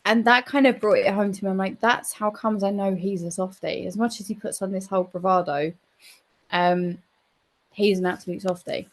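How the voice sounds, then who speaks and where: Speaking at medium pitch and a moderate pace, a psychic medium being interviewed tells a story chattily and with animation. She swears here and there.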